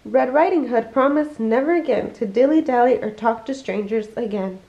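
A woman reading a children's bedtime story aloud, expressive and slowing down for emphasis, on a dull lo-fi recording. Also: a little high, gravelly. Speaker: family storyteller.

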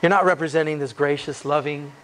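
A man's voice: a little high, fairly even intonation, fairly quick, a bit bright. A man preaching in a church, reading scripture and breaking in with casual asides and rhetorical questions. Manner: reads scripture then adds casual, joking asides. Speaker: pastor. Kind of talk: expository sermon.

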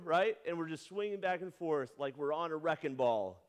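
A male pastor preaching a sermon in a conversational way, often asking the congregation questions and acting out quotes with sudden jumps in pitch. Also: lively intonation, moderate pace, hardly any pauses.

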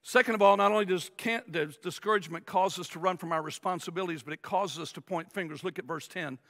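Male pastor, sermon delivery, high, bright and raspy, emphatic, big echoing sanctuary. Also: fast. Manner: emphatic preaching, acts out whiny voices. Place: large church sanctuary. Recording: long reverb of a church hall.

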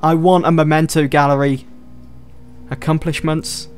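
A man's voice: a little high, flat delivery, moderate pace, faint music behind. A man giving casual let's-play commentary, chatting and thinking aloud as he explores. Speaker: gameplay commentator.

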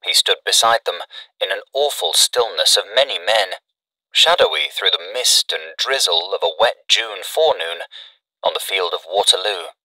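A man giving a measured, dramatic scripted narration of a classic story. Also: low-pitched, bright, forceful tone, dry recording, far from the mic, low-quality recording.

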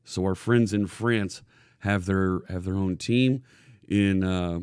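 A man's voice: deep voice, fairly even intonation, takes it slowly, darkish tone, clean tone, no room sound. A man hosting a live coding stream, talking casually from his green-screen studio. He greets viewers in the chat by name and often restarts his phrases. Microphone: hidden desk microphone.

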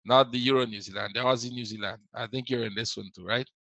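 A man's voice: mid-range voice, steady tone, fast talker, vocal fry, sharp tone, no room sound, rough recording. A man teaching a live trading webinar, repeating his points and answering viewers as he goes. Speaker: forex trading instructor.

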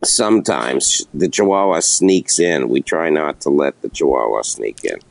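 A man from Canada, a comedian guest, talking in a rambling casual chat with deadpan jokes. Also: very deep voice, a little slow, creaky, no echo.

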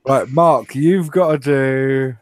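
A man's voice: medium pitch, slow pace, darkish tone. A man co-hosting a podcast, playful and teasing, swearing freely in casual banter. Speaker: podcast co-host.

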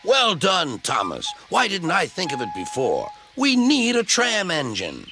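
Brief: a man playing a brisk, bossy storybook railway chief, swinging pitch, faint music behind. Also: wildly swooping pitch, sharp tone, full character voice. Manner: firm and decisive. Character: brisk, pompous older male railway boss. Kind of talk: storybook character voice.

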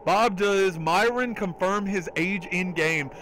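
A man with a high-sitting voice talks slowly while livestreaming a game, chatting casually, swearing often, and reading out and thanking viewers and donors from chat in an excitable way. Game music plays behind him, with slight background noise on a rough recording.

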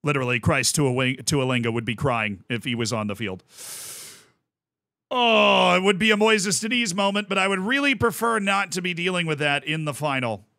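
A man streaming a football management game, who swings from quiet musing to loud commentator-style shouts. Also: gravelly, no echo. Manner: shouts goal calls like a sports commentator; drops low and quick when musing.

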